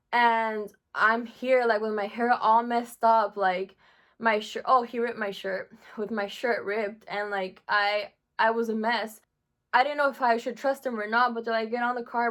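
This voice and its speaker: A woman's voice: fairly high pitch, fairly bright tone. A young woman vlogger telling a painful personal story from her school days, emotional, with many fillers.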